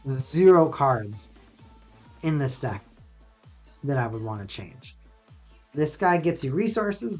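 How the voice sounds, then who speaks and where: A laid-back, sarcastic streamer from North America, chatting casually and rambling on a live stream. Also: mid-range voice.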